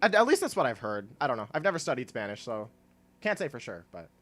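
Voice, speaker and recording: A man's voice: mid-range voice, sing-song, fast talker, a bit bright. A young man chatting casually while streaming a video game, rambling with lots of fillers and laughing often. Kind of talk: casual gameplay stream chat.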